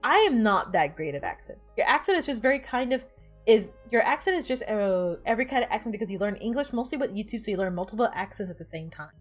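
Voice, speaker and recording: A woman's voice: medium pitch, big pitch swings, quick pace, faint music behind. A woman streamer chatting casually while playing, rambling and bossing her game characters around. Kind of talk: casual gameplay chat.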